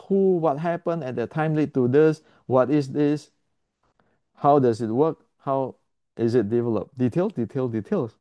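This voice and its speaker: Man teaching martial arts, blunt and emphatic, repeats himself, clears his throat, warm dark tone, dry close sound. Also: medium pitch, unhurried, no room sound. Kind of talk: explanatory lesson to camera.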